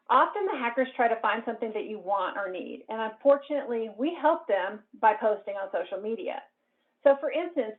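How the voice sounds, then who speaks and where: A woman presenting a cybersecurity talk in a clear, explanatory way. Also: a little high. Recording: narrow phone-like band.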